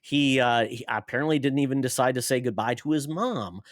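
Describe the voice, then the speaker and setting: A man's voice: mid-range voice, lively intonation, a little fast, no echo, clean studio sound. A man co-hosting a casual pop-culture podcast, walking through story points in an explanatory way. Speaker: podcast co-host. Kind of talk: casual chat.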